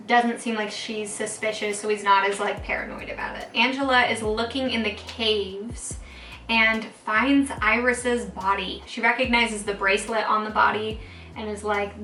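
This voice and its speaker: A woman's voice: medium pitch, sharp tone, roomy sound, far from the mic, slight background noise, rough recording. A young woman casually recapping TV episodes, chatty and full of fillers as she retells scenes and quotes characters. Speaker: TV recap vlogger.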